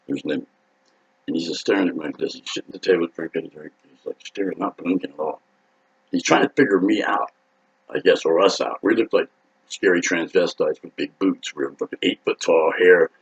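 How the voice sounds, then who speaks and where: Raspy 50s rocker dude rambling thru a cuss-heavy story, muffled lo-fi sound. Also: male voice, low-pitched, brisk. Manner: profane, rambling, laughing, acts out voices. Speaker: rock singer telling a story. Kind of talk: casual storytelling. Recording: dull lo-fi sound.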